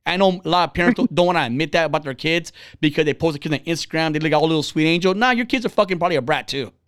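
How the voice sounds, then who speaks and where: A man hosts a casual podcast, his voice sitting a little high for a man. He talks bluntly and swears often, getting heated and animated as he tells his stories. The sound is close and dry, with no room echo. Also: rapid-fire. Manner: profane, blunt storytelling. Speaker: podcast host. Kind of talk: casual chat.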